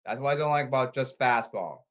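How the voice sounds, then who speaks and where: A man rambling to his audience, reading rules off his phone and repeating himself insistently, with halting restarts. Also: mid-range voice, expressive, fairly bright tone. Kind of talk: rambling monologue to camera.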